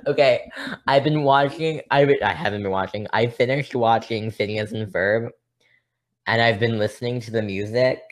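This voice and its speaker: A woman's voice: a bass voice, normal speed. A woman co-hosting a podcast in casual chat, rambling and self-deprecating as she talks. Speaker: podcast co-host.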